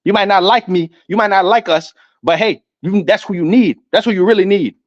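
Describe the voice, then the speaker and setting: Loud ranting man, dull lo-fi sound. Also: sits high, fairly quick, no room sound. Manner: loud, emphatic and profane, stammers with repeated words. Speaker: online commentator. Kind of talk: ranting commentary reading definitions aloud.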